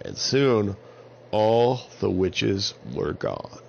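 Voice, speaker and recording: A man narrating an improvised children's story in an animated way. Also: fairly low pitch, slow pace, vocal fry. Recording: slightly dull lo-fi sound with faint hiss.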